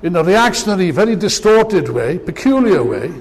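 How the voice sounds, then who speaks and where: A man's voice: sits high, sing-song, normal speed. Impassioned male speaker in a reverberant hall. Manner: impassioned, mocking asides. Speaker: political speaker. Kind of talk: live political speech. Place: large meeting hall.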